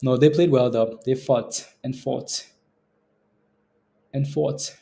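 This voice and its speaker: A man's voice: medium pitch, steady tone, slow pace, vocal fry, dark tone. A man hosting a live stock trading stream, chatting casually with viewers and chuckling often as he comments on the market. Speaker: stock trading livestream host.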